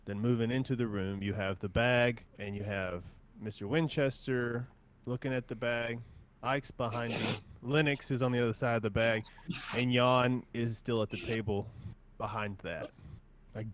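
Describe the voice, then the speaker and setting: A man running a tabletop game as game master. He narrates in a laid-back way, padded with hedging fillers, at an average pitch. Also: steady tone, moderate pace.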